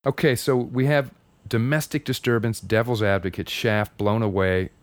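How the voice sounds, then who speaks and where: A man's voice: medium pitch, fairly even intonation, moderate pace, no echo, faint music behind. A man hosting an interview show, introducing his guest and asking questions in a friendly, joking way. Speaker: interview host. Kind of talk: radio-style interview.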